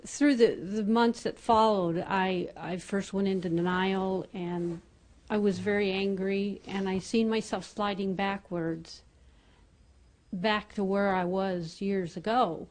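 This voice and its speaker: A woman from the congregation giving a personal testimony in a halting, hesitant way. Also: mid-range voice, fairly even intonation, a little mellow. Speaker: congregation member.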